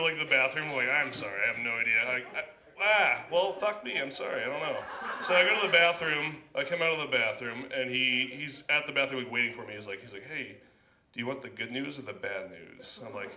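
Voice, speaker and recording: A man doing stand-up at an open mic in a small club, telling a long story in a rambling, halting way, with many restarts and fillers, and acting out his own panicked reactions. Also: medium pitch, background noise. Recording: echoey club room.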